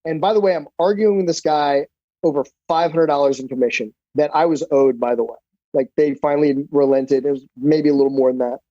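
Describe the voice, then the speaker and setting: A middle-aged man tells stories bluntly and swears freely, with an animated delivery. His voice is fairly high but mellow and dark in colour. It comes through a dry, slightly dull podcast recording. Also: a little fast, no echo. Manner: profane, blunt, animated storyteller. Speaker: podcast guest, black belt instructor. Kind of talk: casual storytelling interview.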